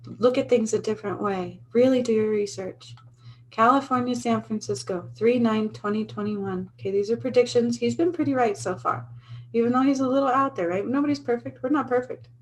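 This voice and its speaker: A woman's voice: on the high side, a little fast, a little mellow, rough recording. Earnest woman vlogging. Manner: earnest, emphatic, repeats herself. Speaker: spiritual vlogger. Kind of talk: casual talk to camera.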